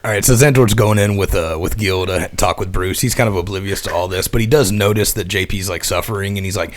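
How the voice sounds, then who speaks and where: A man's voice: deep voice, fast. A man casually describing his character's actions in a tabletop game, with hesitant fillers. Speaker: player.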